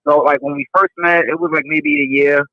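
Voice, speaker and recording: A man tells a personal story in an easygoing, slangy voice that sits a touch high for him. He fills the talk with loose fillers. The audio is muffled and lo-fi, with no room sound at all. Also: brisk, vocal fry, dry recording. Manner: relaxed, slangy, many fillers. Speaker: interviewee. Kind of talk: casual storytelling. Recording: dull, dry lo-fi audio.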